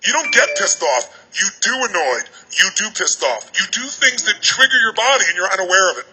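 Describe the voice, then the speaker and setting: A man's voice: sits high, animated, bright, forceful tone, slightly rough, rough recording. A man giving a seminar talk to a large arena crowd, firing commanding questions at them over a stage microphone. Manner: commanding, rapid-fire questions. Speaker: motivational speaker.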